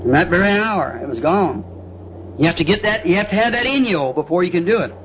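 High-voiced folksy man preaching, old tape. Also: lively intonation, brisk, fairly bright tone. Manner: folksy storytelling, often asks "See?". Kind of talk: sermon. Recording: dull lo-fi old tape with faint hiss.

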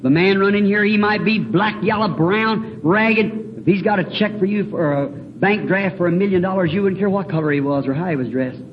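A man's voice: sits high, normal speed, hardly any pauses, muffled recording, a little hiss or hum. A man preaching a fervent sermon in a church, telling personal stories in a folksy, rambling way with emphatic exclamations. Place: church building.

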